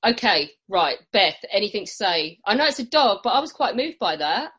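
A woman's voice: mid-range voice, sing-song, normal speed, fairly bright tone, breathy edge. A woman hosting a casual panel chat, teasing her guests and laughing often. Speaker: podcast host.

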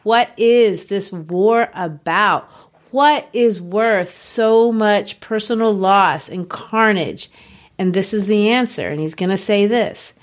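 A woman with a mid-range voice explains history. She speaks earnestly and puts clear emphasis on her points. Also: medium pitch, slow. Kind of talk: explanatory discussion.

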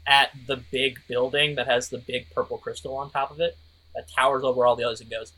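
A man's voice: medium pitch, flat delivery, a little fast, sharp tone, low-quality recording. A man narrating as game master in a tabletop game, rambling loosely with many fillers.

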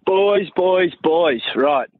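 A man's voice: high-pitched, expressive, drawn-out words, dry recording. A man with an Australian accent leaving a rowdy, swearing voice message for a podcast. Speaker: listener voice message. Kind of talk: casual voice message. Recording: dry tinny phone recording.

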